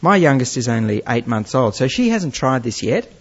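A man preaching a sermon, telling stories with gentle humour. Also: medium pitch, normal speed, breathy edge. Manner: lively storytelling with gentle humour. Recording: dull lo-fi recording.

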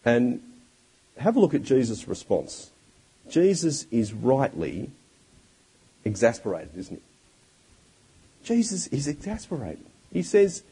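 A man preaching a sermon, expressive and full of rhetorical questions. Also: on the high side, measured pace, pauses often, husky, poor audio.

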